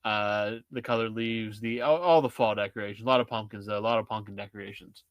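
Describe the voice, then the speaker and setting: A man's voice: fairly low pitch, fairly even intonation, fast talker, dry recording. A man in his thirties co-hosting a casual sports podcast, talking loosely with lots of fillers. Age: 30s. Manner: loose, filler-heavy chatter. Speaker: podcast co-host.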